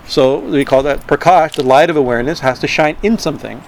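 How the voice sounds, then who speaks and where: A man's voice: a little high, low-quality recording. Man rambling through a talk on tantra, stumbles and repeats himself, keeps saying right, some faint street noise. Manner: halting, repeats words, often asks "right?". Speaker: spiritual teacher. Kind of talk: informal talk on Tantra philosophy, streamed live.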